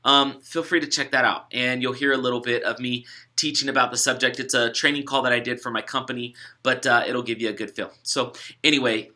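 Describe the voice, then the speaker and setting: A man's voice: medium pitch, steady tone, brisk, hardly any pauses, pushed and bright. A young adult man, an author, chatting casually and upbeat as he explains a gratitude study to participants, with fillers and restarts. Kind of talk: casual instructional video talk.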